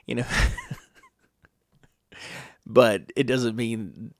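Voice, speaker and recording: A middle-aged man talks through a rambling, wry podcast monologue and slips into mock voices. His voice is gravelly at a middle pitch. The recording is dry and close. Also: normal speed, no echo. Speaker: podcast host. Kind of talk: casual monologue.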